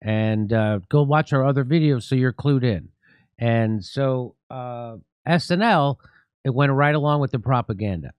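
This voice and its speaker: A middle-aged man hosts a political talk show in a sarcastic, mocking tone. His deadpan jokes land in a dry, close studio sound with no room echo. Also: mid-range voice, unhurried, clear, resonant tone. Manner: mocking, deadpan jokes, laughs at own lines. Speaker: host.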